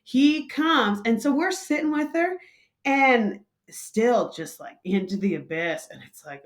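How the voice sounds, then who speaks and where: A woman's voice: mid-range voice, animated, a little slow. A woman hosting a casual vlog, telling a story in a chatty, loose way full of fillers. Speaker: vlog host and coffee shop manager.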